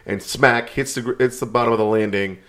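A man's voice: mid-range voice, steady tone, fairly quick, fairly bright tone. A man telling a story in casual chat, rambling and laid-back, swearing now and then.

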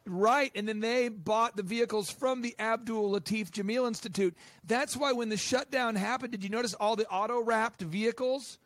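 High-voiced, fired-up man talking fast. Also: no room sound. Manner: animated, emphatic, rapid-fire. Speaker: guest, business coach and podcast host. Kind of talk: interview.

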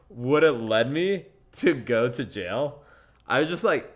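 A man's voice: medium pitch, moderate pace. A young man, a podcast guest, telling stories in casual chat and acting out what people said, laughing often. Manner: animated storyteller who acts out quotes and laughs often.

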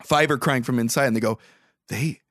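A man's voice: mid-range voice, a little fast, dry recording, clean studio sound. A man hosting a podcast, swearing freely as he animatedly recaps a movie plot. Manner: profane, animated storytelling. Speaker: podcast host.

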